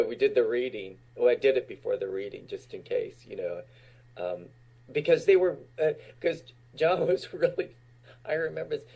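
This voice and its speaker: A man's voice: mid-range voice, creaky, a little mellow, breathy edge. A man in his sixties from Utah, a guest actor telling casual stories and laughing often. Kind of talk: casual storytelling.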